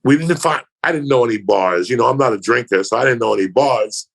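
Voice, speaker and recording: A man's voice: medium pitch, fast talker, vocal fry. A man, a comedian, telling crude, profane stories in a casual podcast chat. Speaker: comedian guest.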